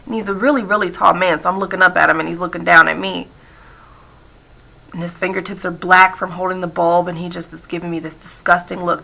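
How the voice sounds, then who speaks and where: A woman voice interpreter speaking a personal story told in sign language, with halting, repetitive phrasing and frequent fillers. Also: on the low side, lively intonation, vocal fry, pushed and bright.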